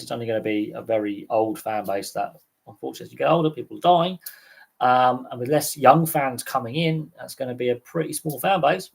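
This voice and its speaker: A man's voice: medium pitch, gravelly, breathy edge. A man hosting a casual livestream, rambling with fillers, his voice starting to go after hours of talking. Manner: rambling, many fillers and restarts. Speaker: livestream host.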